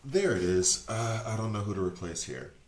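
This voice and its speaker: A man streaming a video game, chatting casually and rambling as he second-guesses his choices out loud. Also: lowish voice, expressive, moderate pace, echoey room. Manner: chatty, rambling, self-correcting. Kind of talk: casual gameplay commentary.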